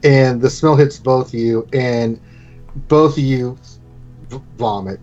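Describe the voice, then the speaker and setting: A man's voice: mid-range voice, slow, darkish tone, highs cut off, faint music behind. A man narrating as game master of a tabletop game, in a loose, rambling way.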